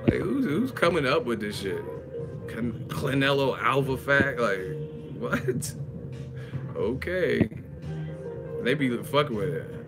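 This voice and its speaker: A grown man streaming live, ranting bluntly and profanely about boxing, with mocking asides in a high sneering voice. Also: sing-song, slow pace, gravelly, long pauses, loud music behind the voice. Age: adult. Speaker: boxing commentary livestreamer. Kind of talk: casual livestream rant.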